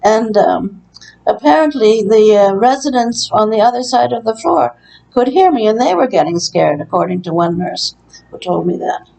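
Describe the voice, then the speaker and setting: Brief: bedbound woman recording a testimony in her care-home room, mellow tone, earnest and aggrieved, halting delivery. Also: fairly high pitch, gravelly, low-quality recording. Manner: earnest, aggrieved, hesitant with frequent uh. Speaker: long-term care resident. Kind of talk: personal testimony vlog.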